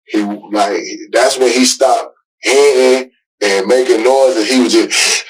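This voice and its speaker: Husky father in a police interview, heard from far off in the room, rambling and halting. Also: medium pitch, steady tone.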